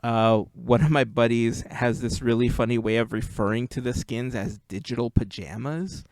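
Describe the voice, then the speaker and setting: A man's voice: medium pitch, fairly even intonation, a little mellow, dry recording. A man hosting a podcast, chatting casually and telling stories with easy laughs. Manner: chatty, laughs easily, drawn-out storytelling. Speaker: podcast host. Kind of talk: casual chat.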